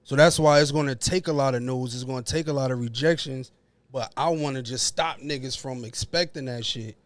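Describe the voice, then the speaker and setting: A man's voice: mid-range voice, a little fast, dry recording. Man, new jersey accent, podcast host, blunt slangy motivator, dry close sound. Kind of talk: casual podcast chat.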